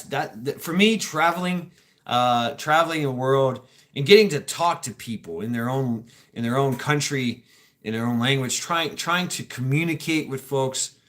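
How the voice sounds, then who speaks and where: A man's voice: medium pitch, moderate pace, fairly bright tone. A man hosting a casual livestream, musing aloud in a rambling way, often repeating his words and laughing between thoughts. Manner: reflective, joking, swears casually. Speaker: livestream host reading chat comments.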